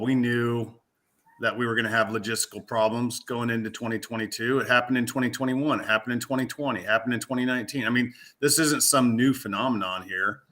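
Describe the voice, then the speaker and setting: Blunt, angry mill rep, bright voice. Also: male voice, mid-range voice. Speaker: mill representative. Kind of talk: casual panel discussion.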